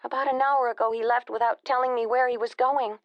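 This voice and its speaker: A woman narrator voicing an anxious young married woman, hushed and strained, close to tears. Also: a little high, fairly even intonation, a little fast, no room sound, muffled recording, voice pushed up, lightly acted. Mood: upset.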